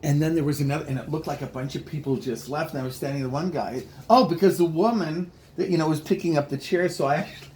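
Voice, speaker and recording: A man with a somewhat high voice tells a meandering story and keeps breaking off and starting again. Faint noise sits under the recording. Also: a little mellow. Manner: rambling, halting, self-interrupting storyteller. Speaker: comedian. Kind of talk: casual chat.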